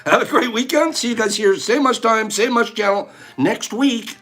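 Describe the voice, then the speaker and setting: A man hosting a livestream, reading out viewer names in casual chat and laughing through his words with a husky voice. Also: extremely high pitch, a little fast, sharp tone, soft background music. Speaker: livestream host.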